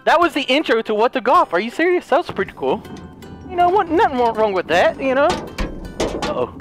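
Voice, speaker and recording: Hyper jokey man with wild pitch swings. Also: very animated, a little fast, a bit bright, soft background music. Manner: hyper, jokey, squealing outbursts. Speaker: gaming YouTuber. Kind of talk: playthrough commentary.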